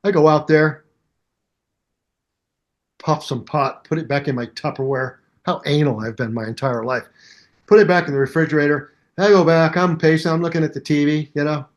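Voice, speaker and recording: An older man in his seventies, a musician telling a long anecdote in an interview and acting out both sides of the conversation in lively voices. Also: on the high side, moderate pace. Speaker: guest musician. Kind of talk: animated storytelling interview.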